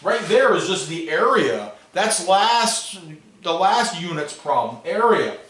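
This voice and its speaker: A man teaching a classroom math lesson, animated and playful, asking students questions as he works. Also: sits high, slow. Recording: echoey classroom, voice from far off.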